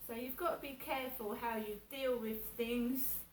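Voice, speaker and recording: A woman with a fairly high voice chats through a personal vlog, repeating herself and acting out what others said. She sits a little back from the mic in an echoey room, with faint ambience behind her. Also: fairly even intonation, normal speed, slight background noise. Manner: chatty, repeats herself, acts out others' words. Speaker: vlogger.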